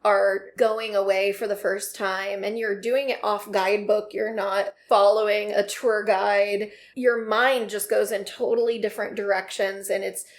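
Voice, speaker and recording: A woman's voice: mid-range voice, level tone, unhurried, few pauses. A woman co-hosting a podcast in casual chat, supportive and chiming in with reactions. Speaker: podcast co-host.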